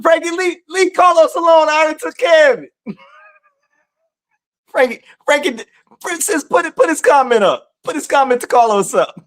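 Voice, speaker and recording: A man hosting an online community chat, telling stories in a teasing, laughing, animated way. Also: very high-pitched, moderate pace. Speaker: community study host. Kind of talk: casual livestream chat.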